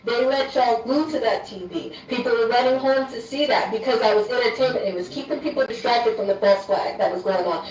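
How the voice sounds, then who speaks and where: A woman's voice: on the high side, far from the mic, a little hiss or hum. Fired-up woman in an echoey room. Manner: emphatic, rhetorical questions, irritated. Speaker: social media commentator. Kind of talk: impassioned monologue.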